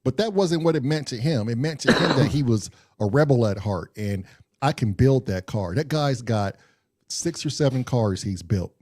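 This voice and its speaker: A man co-hosting a casual live-stream chat, telling a story with animated energy and often repeating words as he builds up. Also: mid-range voice, normal speed, no echo, clean studio sound. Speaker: co-host.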